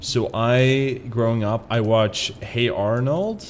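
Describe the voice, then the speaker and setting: A man from Sweden with a Swedish accent, streaming and reacting to a video with loud, incredulous commentary and plenty of swearing. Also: mid-range voice, takes it slowly, a little hiss or hum.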